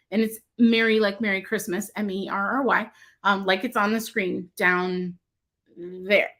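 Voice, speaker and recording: A woman's voice: mid-range voice, fairly bright tone. A woman hosting a casual livestream about her craft shop, chatty and rambling, often laughing between thoughts.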